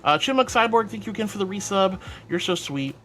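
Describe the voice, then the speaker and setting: A man's voice: high voice, lively intonation, brisk, sharp tone, slight background noise. A man streaming live and reading out chat, bubbly and affectionate, calling viewers sweetie.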